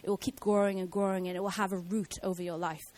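A woman's voice: mid-range voice, flat delivery, fast talker, a little mellow, low-quality recording. A woman giving an informal Bible teaching in a casual way, with many fillers and restarts.

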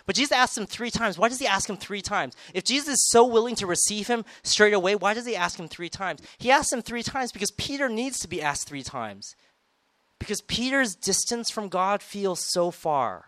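A man's voice: sits high, lively intonation, moderate pace, a bit bright, no room sound. A man preaching a sermon in a conversational way, retelling scripture and acting out quoted lines with rising emphasis.

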